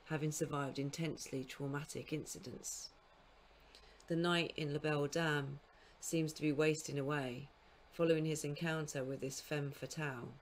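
A woman giving a recorded literature lecture to school students, explaining in a measured way and now and then correcting herself mid-phrase. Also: deep voice, darkish tone, a little hiss or hum. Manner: speaks scansion aloud in sing-song beats. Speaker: university lecturer.

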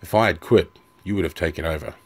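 A man voicing a brooding middle-aged commanding officer who gives quiet orders. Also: deep voice, fast, no echo.

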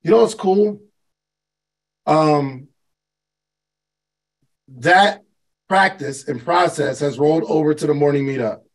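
A man with a fairly high, gravelly voice gives a motivational talk to a live call audience. He speaks conversationally, asks his listeners questions and repeats himself for emphasis. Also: takes it slowly, long pauses, rough recording. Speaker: host and business coach.

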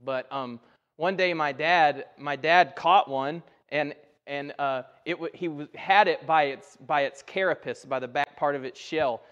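A man preaching a conversational sermon, telling folksy stories with animated energy. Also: a little high, measured pace. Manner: folksy, animated storytelling with rising excitement. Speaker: pastor. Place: church sanctuary. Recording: dull sound with long hall reverb.

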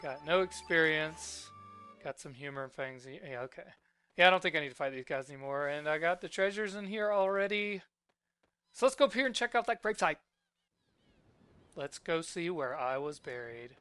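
A man's voice: a little high, lively intonation, moderate pace, sharp tone, smooth, soft background music. A man hosting a let's play, chatting casually and joking as he comments on the game. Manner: joking, chatty, reads game text aloud.

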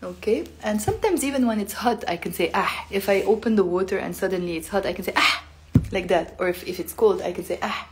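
A woman's voice: medium pitch, fast, hardly any pauses, background noise. A woman giving a casual live-stream language lesson, chatty and full of fillers, acting out the sounds she teaches. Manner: chatty, filler-heavy, demonstrates sounds expressively.

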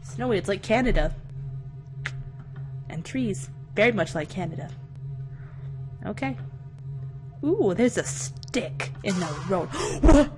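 A young woman commenting excitedly on a game she plays, gasping and reacting dramatically, with game music behind her. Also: mid-range voice, slow, long pauses. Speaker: let's play gamer.

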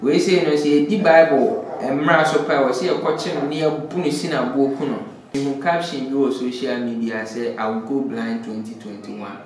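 A man's voice: mid-range voice, steady tone, moderate pace, hardly any pauses. Man, far off in an echoey room. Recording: echoey room, off-mic with faint noise.

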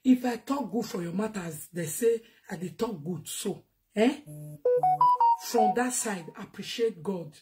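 A woman's voice: medium pitch, measured pace, mellow, faint music behind. A Nigerian woman giving a heated monologue to her viewers, scolding and repeating herself, mixing in Yoruba phrases. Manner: ranting, scolding, repetitive, mixes in Yoruba phrases. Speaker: online commentator.

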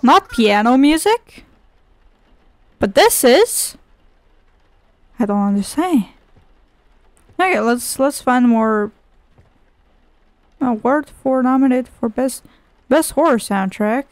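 A woman's voice: high-pitched, lively intonation, slow, pauses often, dry recording. A young woman commenting on a horror game as she plays, sarcastic and swearing often while talking to herself. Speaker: gaming video creator. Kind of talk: casual gameplay commentary.

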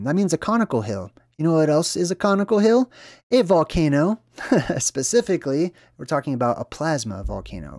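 A man hosting a video, explaining symbolism in a relaxed monologue. He talks straight to viewers, with frequent fillers and tag questions. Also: mid-range voice, no room sound, studio quality. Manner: conversational, frequent "right?" and "um" fillers. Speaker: video host. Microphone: own mic after a sound check.

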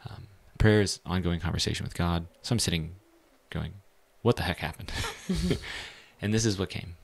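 A man, a pastor, teaching the Bible in a casual, animated way with bits of slang. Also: low-pitched, normal speed, gravelly, slightly rough.

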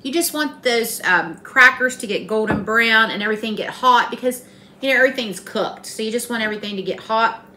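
A woman's voice: fairly high pitch, a little fast, pushed and bright, a little hiss or hum. A middle-aged woman, hosting a casual home cooking demonstration in a chatty, folksy, teasing way. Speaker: home cooking channel host. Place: home kitchen.

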